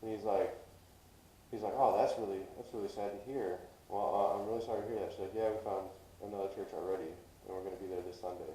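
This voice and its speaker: A podcast co-host tells a long story on a casual show, swearing a lot and doing animated voices for the people in it. He is low-pitched and talks fast, recorded off-mic in an echoey room.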